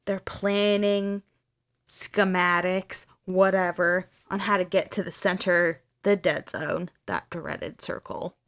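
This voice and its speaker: A woman's voice: on the low side, steady tone, takes it slowly, a bit bright. A woman podcast host casually retelling a story, acting out the dialogue with casual swearing.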